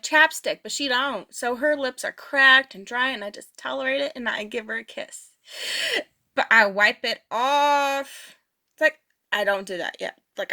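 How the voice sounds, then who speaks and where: A woman voicing a signed personal anecdote as an interpreter, casual and animated, chuckling often. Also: fairly high pitch. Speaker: sign language voice interpreter.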